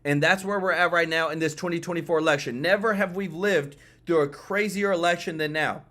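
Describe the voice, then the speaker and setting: A man's voice: a little high, fairly quick, fairly bright tone. Emphatic man hosting political commentary. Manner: emphatic, repetitive, addresses viewers and chat.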